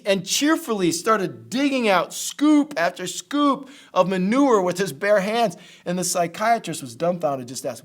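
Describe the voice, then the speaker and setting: A man preaching a sermon as pastor, telling stories and often calling his listeners friends. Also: sits high. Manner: storytelling, repeats phrases, addresses listeners as friends. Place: church auditorium.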